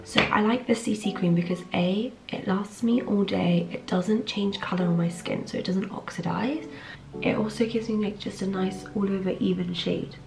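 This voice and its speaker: A woman's voice: mid-range voice, vocal fry, rough recording. A woman in her twenties chatting casually on her vlog, upbeat and filling her talk with "like". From London. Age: 20s. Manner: chatty, upbeat, lots of fillers like "like". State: groggy morning voice. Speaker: trainee surgeon and vlogger. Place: at home getting ready.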